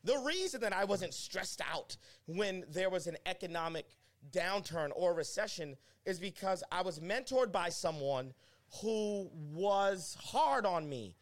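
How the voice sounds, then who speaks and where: A young man, a pastor, talking as a guest in a casual conversation and telling stories emphatically. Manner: animated, emphatic storytelling with pitch swings.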